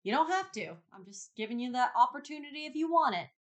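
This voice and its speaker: A woman's voice: sits high, expressive, fast talker, fairly bright tone. A woman hosting a podcast in a toy store, playful and upbeat as she teases her guests. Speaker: podcast host. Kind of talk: casual interview chat.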